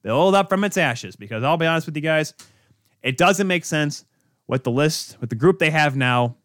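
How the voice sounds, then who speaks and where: A man's voice: a little high, lively intonation, moderate pace, a bit bright, dry recording, clean studio sound. A man hosting a sports podcast, ranting in an exasperated, sarcastic way. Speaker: podcast host. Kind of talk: heated sports rant.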